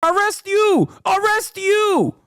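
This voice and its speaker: A man putting on the voice of a belligerent male immigration agent, shouting mock accusations and arrests. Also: extremely high pitch, expressive, slow, no echo, clean studio sound, voice pushed up, full character voice. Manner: mocking, shouty.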